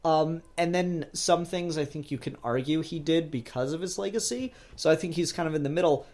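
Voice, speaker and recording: A podcast co-host talks in a casual, conversational way. He gets animated and drifts into digressions about history, with filler words and restarts along the way. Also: on the high side, fairly quick. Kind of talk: casual movie discussion.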